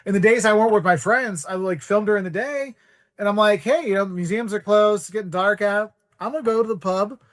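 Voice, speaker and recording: A man's voice: high voice, fairly quick, fairly bright tone, no echo, studio quality. A man in his forties, a guest on a podcast, rambling through travel stories and acting out voices in quotes. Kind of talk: casual storytelling.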